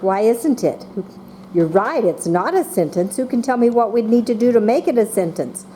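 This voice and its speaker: A teacher in a classroom, a woman whose pitch rises and falls a lot as she coaxes answers from small children. Her tone is mellow and warm rather than bright, and she leads the lesson patiently, with a faint hiss of room noise behind her. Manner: slow and patient, calling on children by name, voicing excited examples.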